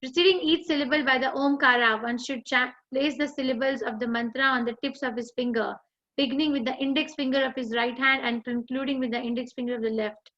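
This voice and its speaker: A woman with an Indian English accent, teaching an online class and reading scripture in a measured, deliberate way. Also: sits high, steady tone, a bit bright. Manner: measured, deliberate recitation with chanted mantras. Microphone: video call. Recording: dull lo-fi online call audio.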